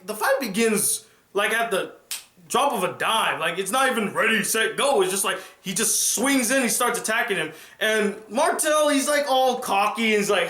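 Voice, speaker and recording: Male TV reviewer, high and bright voice, excitable retelling, echoey room. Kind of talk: casual reaction review.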